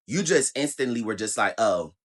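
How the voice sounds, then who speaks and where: Low-voiced man, angry profane storyteller, rant to camera. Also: animated, brisk, fairly bright tone.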